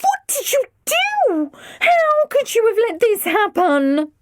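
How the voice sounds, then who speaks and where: A woman voicing a doting, dramatic middle-aged mother who gushes and turns shrill. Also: a little slow, a little mellow, dry recording, studio quality. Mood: distraught. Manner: gushing, shrill when upset.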